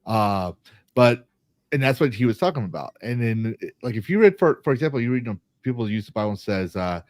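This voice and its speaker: A man's voice: mid-range voice, lively intonation, fairly quick, darkish tone, no room sound. A man hosting a casual podcast chat, earnest and rambling, with many restarts. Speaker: podcast host.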